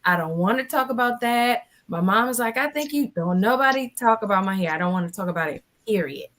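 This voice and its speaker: A woman in her forties, speaking a little fast in a medium-pitched voice, tells her own story as a guest in a casual panel chat. She's animated and acts out other people's lines.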